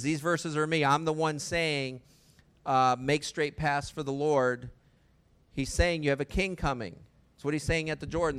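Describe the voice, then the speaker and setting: A man's voice: fairly high pitch, clear, resonant tone. A man preaching a sermon in a conversational way, often asking the listeners rhetorical questions.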